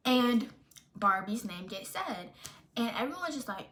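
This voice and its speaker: Speaking briskly in a fairly high voice, a young woman relays a storytime vlog with animated, chatty energy. She keeps cutting herself off, leans on "like" constantly, and performs her friends' lines as quoted dialogue.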